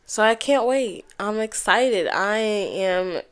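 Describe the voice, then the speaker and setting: Young woman, solo podcast host, candid and casual, swears freely, headphones and mic, mid-pitched voice. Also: slow pace, clear, resonant tone. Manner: candid, swears freely, says y'all a lot. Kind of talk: casual solo talk to camera. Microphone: headphones and microphone.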